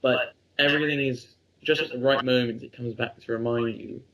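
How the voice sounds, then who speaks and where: A man co-hosting a review podcast, talking in an admiring, halting casual way. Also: medium pitch, fairly even intonation, a bit bright, lo-fi sound. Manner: admiring, hesitant with restarts. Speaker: podcast co-host.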